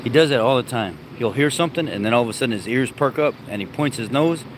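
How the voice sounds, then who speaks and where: A man's voice: medium pitch, animated, fast, noisy background. A man hosting a casual morning livestream outdoors, chatting about his dogs and talking to them. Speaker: livestream host.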